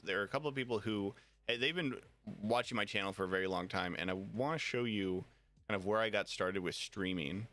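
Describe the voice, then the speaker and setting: A man's voice: lowish voice, pushed and bright. A man streaming live, talking casually and rambling, with frequent restarts and laughter. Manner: rambling, repeats himself, laughs often.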